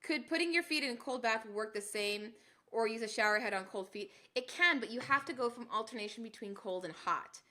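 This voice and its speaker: A woman hosting a casual health live stream, animated and talking to her viewers while she exclaims and curses at the cold. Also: on the high side, fairly quick. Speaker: health show host.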